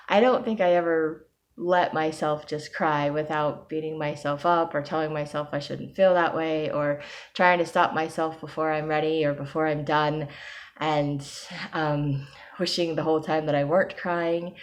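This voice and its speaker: A woman speaking softly and hesitantly in a reflective personal vlog, pausing often and breaking into small laughs. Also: deep voice. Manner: soft, hesitant, with many pauses and ums. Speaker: personal video diarist.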